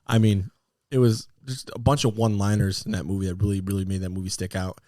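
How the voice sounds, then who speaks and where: Man, podcast co-host, casual chat, rambling, excitable, fairly low voice, dry recording. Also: fast, no room sound. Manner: animated, excitable bursts between rambling fillers.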